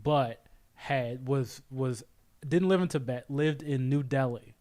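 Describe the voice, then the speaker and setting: A man's voice: medium pitch, takes it slowly, darkish tone. A man co-hosting a history podcast, joking crudely and laughing often. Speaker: podcast co-host. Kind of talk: casual podcast banter.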